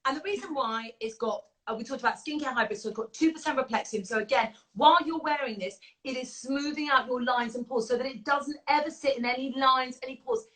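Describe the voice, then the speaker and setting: Woman, makeup founder, gushing chatty demo tone, bright and high-ish. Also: brisk, few pauses, low-quality recording. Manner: effusive, gushing, chatty with many fillers. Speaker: makeup artist and beauty brand founder. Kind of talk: casual chat with makeup demonstration.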